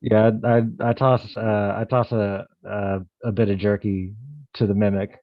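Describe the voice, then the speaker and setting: A relaxed man chats through his turn in a tabletop game, easygoing and full of slang. His voice comes through a dull, dry microphone with little room sound. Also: fairly low pitch, normal speed, no room sound. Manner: laid-back, chill slang. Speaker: player. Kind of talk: casual tabletop play.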